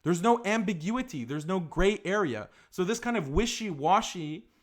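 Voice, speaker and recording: A man hosting a live stream and giving forceful commentary, often repeating his points for emphasis. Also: sits high, expressive, moderate pace. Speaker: host.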